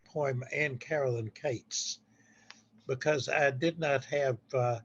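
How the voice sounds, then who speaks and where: A man's voice: medium pitch, steady tone, takes it slowly, a bit bright, husky, highs cut off. A man presenting poems at a poetry society meeting indoors, earnest, often repeating phrases as he starts them. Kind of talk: casual event presentation.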